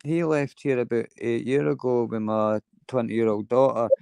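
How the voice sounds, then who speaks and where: Gravelly middle-aged Scottish man. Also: mid-range voice, mellow, no echo. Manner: halting, restarts a lot, says aye often. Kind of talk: casual chat.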